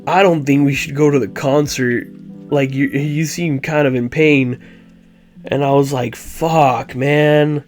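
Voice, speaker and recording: A man's voice: mid-range voice, steady tone, unhurried, faint music behind. A young man telling a personal story in a casual, rambling way, full of "like" fillers. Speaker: vlogger.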